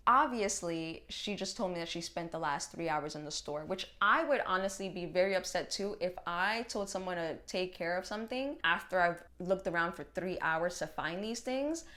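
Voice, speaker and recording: A woman vlogger telling a casual storytime, animated and slangy and cursing freely. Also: on the low side, moderate pace, few pauses.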